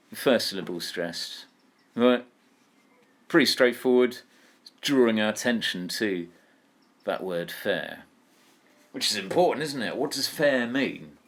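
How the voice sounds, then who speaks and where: A male English teacher talks through a poem in an online lesson. His voice sits fairly low and he speaks slowly, musing aloud and putting questions to his class. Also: fairly bright tone.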